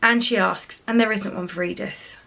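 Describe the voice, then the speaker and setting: A woman, talking quietly and emotionally to camera in a casual vlog. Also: medium pitch, steady tone, moderate pace, vocal fry. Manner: soft-spoken, often dropping quiet and tearful. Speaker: parent vlogger.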